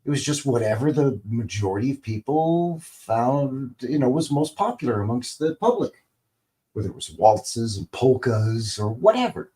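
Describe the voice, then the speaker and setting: A man's voice: mid-range voice, expressive, normal speed, dark tone. A man hosting a live stream, talking casually in a rambling, conversational way, full of "you know" and "right?".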